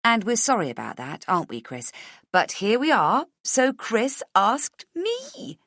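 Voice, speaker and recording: A woman's voice: on the high side, wildly swooping pitch, measured pace, a bit bright, dry recording, clean studio sound, pitched above the performer's own voice, heavily acted. A woman putting on a gushing, pushy young coworker.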